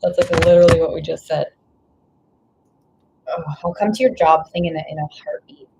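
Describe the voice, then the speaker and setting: A woman's voice: fairly low pitch, normal speed, creaky, warm tone. A woman giving a live tarot reading, rambling and gushing with frequent exclamations of wonder. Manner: rambling, exclaims 'whoa' and 'wow' often; gushing, emotional. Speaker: tarot reader. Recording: slightly dull lo-fi audio with faint noise.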